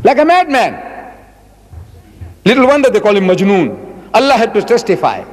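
A man from South Africa giving a public religious lecture, dramatic and animated with lots of repetition. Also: high voice, normal speed, in a large hall. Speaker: Islamic lecturer.

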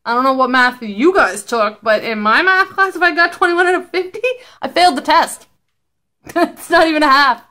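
A woman with a high voice talks straight to her audience from home in casual vlog commentary. She is blunt and sarcastic and swears freely. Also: expressive, normal speed, bright, forceful tone. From Canada. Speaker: vlogger.

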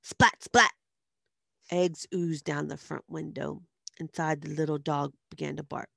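Low, gravelly woman narrating. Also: moderate pace, dry recording, clean studio sound. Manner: steady storytelling. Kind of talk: first-person audiobook narration.

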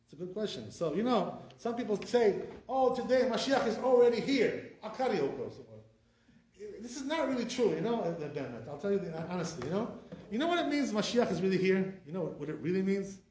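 A man's voice: high voice, brisk, roomy sound. A man, a rabbi teaching an informal Torah class with conviction and lots of fillers. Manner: animated, repetitive fillers, speaks with conviction.

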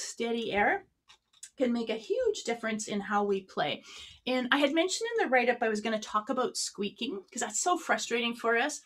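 A woman with a slightly high, somewhat bright voice leads an online clarinet workshop, explaining breathing and tone in a friendly, practical manner. She demonstrates while she talks, seated a few feet from her microphone.

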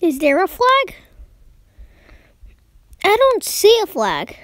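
A young woman giving casual commentary while playing a map-guessing game, excitedly talking to herself as she guesses. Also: very high voice, slow pace, no room sound. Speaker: game player.

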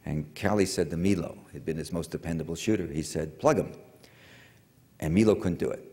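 An older man with a very low, warm voice tells a long story to a lecture audience, speaking fast. He rambles and digresses, going off on tangents with many fillers and restarted sentences, while the long reverb of a big hall rings around him.

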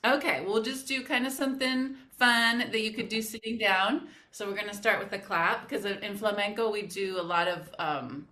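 A woman who teaches flamenco, walking someone through a dance move in a casual interview and counting the rhythm out loud in syllables. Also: medium pitch, moderate pace, few pauses, a little hiss or hum. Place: home, cat on her lap.

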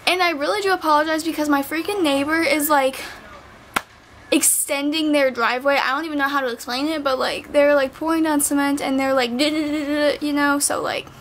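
A woman's voice: high voice, steady tone, a little fast, fairly bright tone, slight background noise. A teenage girl chatting casually through a makeup haul, gushing and filling her talk with "like" as she goes. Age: teens. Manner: chatty, gushing, heavy on "like" fillers. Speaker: beauty vlogger. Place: bedroom at night.

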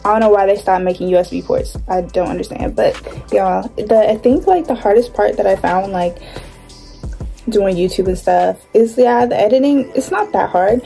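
A woman's voice: medium pitch, moderate pace, gravelly, dark tone, faint music behind. A young woman with a light Southern accent, talking in a chatty, slangy, rambling way as she vlogs. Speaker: vlogger. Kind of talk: casual vlog chat.

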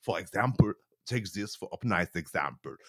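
A man putting on the voice of a silly, excitable male news pundit who rambles in babyish talk. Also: low voice, moderate pace, no room sound, studio quality. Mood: babbling.

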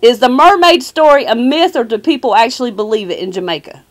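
A woman's voice: on the high side, a little fast. A woman on a recorded phone call, confronting and mocking a caller in a sassy, challenging way. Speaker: caller baiting phone scammers.

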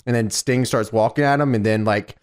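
A young man co-hosting a casual wrestling review chat, relaxed and filler-heavy, saying "like" a lot. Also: mid-range voice, a little fast, smooth. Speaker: podcast co-host.

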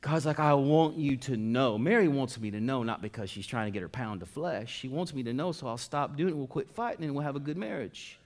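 A male pastor preaching in a chatty, conversational way. His voice sits at an ordinary middle pitch. He drops quiet for asides and then swells loud and emphatic to drive points home. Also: expressive, quick pace, hardly any pauses. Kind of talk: sermon.

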